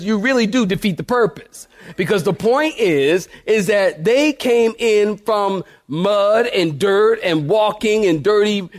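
High-voiced joking pastor. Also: male voice. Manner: joking storyteller, laughs often, addresses congregation as y'all. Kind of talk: sermon.

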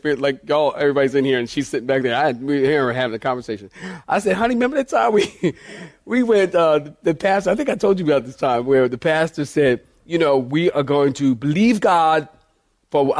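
Preacher guy, high voice, jokey sermon, laughs a lot with the crowd. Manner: playful, laughing often, talks to the congregation. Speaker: pastor. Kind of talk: humorous storytelling sermon. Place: church in front of a congregation.

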